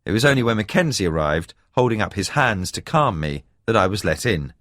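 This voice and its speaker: A man reading a thriller audiobook in the first person, telling the story at a measured pace with expressive emphasis. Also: on the low side, no room sound, clean studio sound. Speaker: audiobook narrator. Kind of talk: scripted first-person narration.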